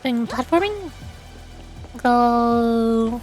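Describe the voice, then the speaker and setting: A high-voiced woman streams a game at an unhurried pace, narrating her moves with playful noises and meows. Soft music plays faintly behind her. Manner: playful, sound effects and meows while playing. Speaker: vtuber streamer. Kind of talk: gameplay commentary.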